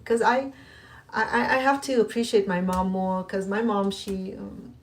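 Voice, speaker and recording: A woman's voice: medium pitch, steady tone, far from the mic, slight background noise. Rambling woman, slightly off-mic. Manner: rambling, halting, many restarts and fillers. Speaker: cooking channel host. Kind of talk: casual personal talk to camera.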